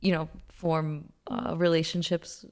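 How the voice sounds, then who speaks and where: A woman on a wine panel speaking casually and thoughtfully, pausing often with ums. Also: low-pitched, flat delivery, darkish tone, smooth. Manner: thoughtful, pauses with many ums.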